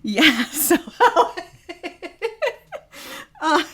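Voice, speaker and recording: A woman's voice: high-pitched, expressive, slow, bright, forceful tone. A woman co-hosting a podcast in casual chat, often laughing mid-sentence. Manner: giggly, laughs often while talking. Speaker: podcast co-host.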